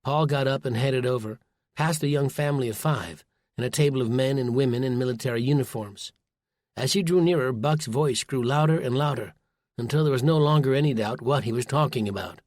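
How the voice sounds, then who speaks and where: A man narrating an audiobook in a steady, even storytelling manner, recorded dry and close. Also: medium pitch, a little fast, no echo. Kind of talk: scripted narration.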